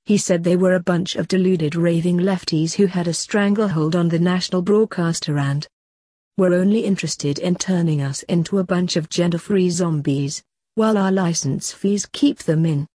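A woman's voice: lowish voice, normal speed, dark tone, breathy edge, no echo, clean studio sound. A woman voicing a worried, gloomy male teddy bear who talks in a mournful, moaning way.

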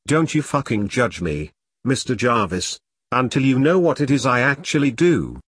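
A man's voice: medium pitch, big pitch swings, normal speed, husky, dry recording. Man voicing a fierce, foul-mouthed woman veteran. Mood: defiant. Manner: blunt, defiant, swearing. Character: fierce one-armed woman, ex-soldier activist. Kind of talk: audiobook character reading.

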